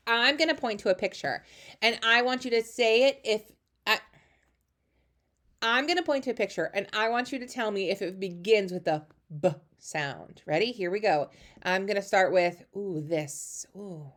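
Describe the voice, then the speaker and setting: A woman teaching a phonics lesson to young children, warmly encouraging with lots of praise. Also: medium pitch, moderate pace. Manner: encouraging, lively, sing-song praise.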